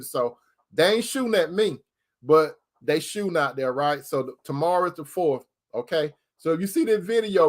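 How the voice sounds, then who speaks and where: High-voiced man preaching casually. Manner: folksy, repeats phrases for emphasis, addresses listeners directly. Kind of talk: informal preaching to an online audience.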